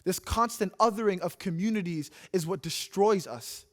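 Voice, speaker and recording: A man's voice: high-pitched, normal speed. A young man from Canada giving an earnest, impassioned spoken-word talk on a stage, with rhythmic repeated lines. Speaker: speaker at a public talk. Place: live stage talk in a city hall.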